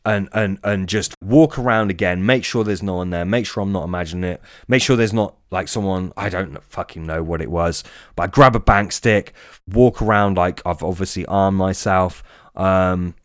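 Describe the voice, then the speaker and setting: In a low-pitched voice, a guest recounts an eerie fishing story in a relaxed, conversational way. The clean studio recording is dry, and his telling is full of curse words and stumbling restarts.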